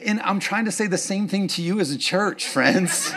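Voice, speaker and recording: A man's voice: high voice, normal speed, few pauses, a bit bright. A man, preaching a sermon as pastor, joking and chatty, then rising to fervent urging.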